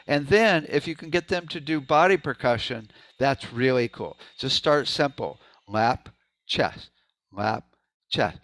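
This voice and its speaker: A man of middle pitch presents in a relaxed, conversational way, often breaking into chanted syllables and hums to demonstrate. The sound is close and dry, with no room echo. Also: unhurried. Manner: loose and conversational, many "right?" asides. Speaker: presenter at a sound healing meeting. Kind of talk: informal presentation.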